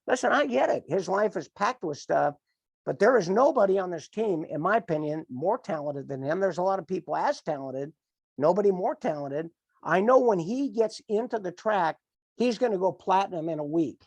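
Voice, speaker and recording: A man's voice: sits high, expressive, normal speed, no room sound. A middle-aged man giving an emphatic, repetitive, fired-up motivational coaching talk to his team on a call. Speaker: team leader.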